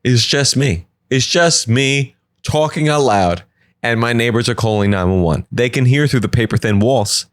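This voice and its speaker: A man hosts a solo comedy podcast from his apartment. He rambles from joke to joke with quick asides in an ordinary mid-range voice. The sound is dry and close. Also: medium pitch, no echo. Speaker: podcast host.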